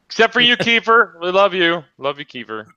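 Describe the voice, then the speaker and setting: A man hosting a casual podcast, joking and excitable, swearing freely. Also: high-pitched, a little fast, clear, resonant tone, no echo, dull audio. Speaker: podcast host.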